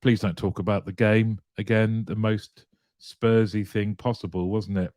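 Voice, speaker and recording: A man's voice: fairly low pitch, steady tone, unhurried, darkish tone, dry recording, studio quality. A man hosting a casual live show, greeting viewers one by one and laughing lightly as he chats. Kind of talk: casual live-stream chat, reading viewer comments aloud.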